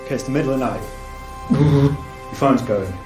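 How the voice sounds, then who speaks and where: A man hosting a live comedy quiz, playful and deadpan, laughing as he reads the questions. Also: mid-range voice, brisk. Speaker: comedy podcast host running a quiz. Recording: echoey venue with loud music.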